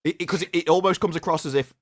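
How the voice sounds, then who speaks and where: A man's voice: fairly high pitch, rapid-fire, dry recording, studio quality. A man co-hosting a casual livestream chat, rambling and laughing often. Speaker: co-host.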